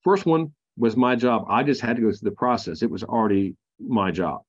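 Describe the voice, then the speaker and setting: A man's voice: on the low side, brisk, slightly rough, highs cut off. A man, a Marine veteran guest on a podcast, telling his own story frankly, with many fillers and restarts. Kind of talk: candid personal storytelling.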